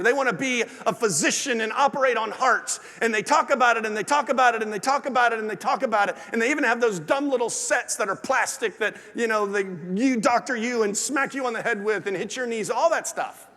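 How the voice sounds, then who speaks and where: Casting: pastor, high-pitched voice, sermon in a reverberant sanctuary. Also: male voice, fairly quick, few pauses. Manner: swings from lively and loud to low and hushed. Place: large church sanctuary. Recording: long hall reverb.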